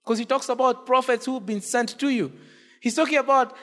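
A man's voice: very high-pitched, steady tone, fairly quick, pushed and bright, big-room sound. A man preaching a sermon from a pulpit, impassioned, his voice swelling on repeated cries and appeals. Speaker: pastor. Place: church with long reverb.

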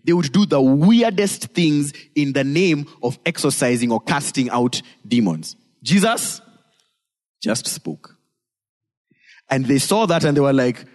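A male pastor preaching a sermon in a lively, joking way, acting out bits as he teaches. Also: mid-range voice, unhurried, in a large hall. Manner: lively, joking, retelling with voices.

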